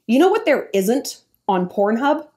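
A woman's voice: on the high side, very animated, a little slow, dark tone. A woman vlogger giving frank, opinionated dating advice in an emphatic talk to the camera. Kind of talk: monologue to camera.

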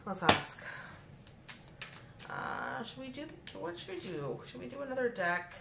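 A woman's voice: medium pitch, very animated, slow pace. A woman giving a casual tarot reading in a chatty way, talking straight to her viewers and breaking into laughter. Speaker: tarot card reader. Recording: echoey room with clear background noise.

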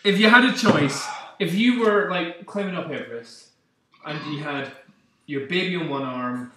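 A man's voice: fairly high pitch, normal speed, crowd noise. A Scottish man joking and teasing his co-host in casual banter over beer in a photo studio. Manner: joking, teasing, laughs often. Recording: echoey room, distant mic, faint noise.

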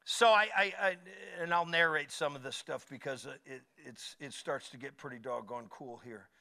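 A middle-aged man preaching a folksy sermon, swinging from quiet asides to loud exclamations. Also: mid-range voice, normal speed, creaky. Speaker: pastor.

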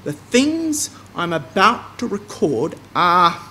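Lively man giving a bible class. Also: sits high, slow, a little hiss or hum. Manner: lively, emphatic, with asides and restarts. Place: meeting hall.

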